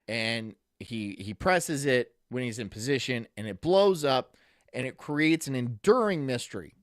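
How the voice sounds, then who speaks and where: A man's voice: medium pitch, no room sound, clean studio sound. A male streamer riffing casually and reading chat messages aloud in a rambling, joking way. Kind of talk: casual reaction commentary.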